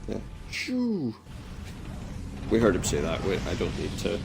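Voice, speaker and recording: Low, gravelly man narrating a game. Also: fast talker, noisy background. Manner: reads game dialogue aloud in a flat voice, adding dry jokey asides. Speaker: let's play commentator. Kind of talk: casual gameplay commentary.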